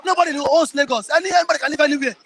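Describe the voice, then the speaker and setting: A Nigerian man arguing politics forcefully, talking over others and repeating himself. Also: extremely high pitch, racing, creaky, a faint crowd. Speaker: interviewee. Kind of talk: heated political argument.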